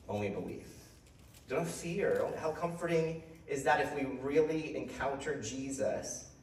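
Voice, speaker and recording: A man's voice: mid-range voice, darkish tone, recorded from a distance. A man preaching a conversational sermon, restarting and repeating words as he talks, with light laughs. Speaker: pastor. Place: church hall. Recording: roomy hall sound from off-mic.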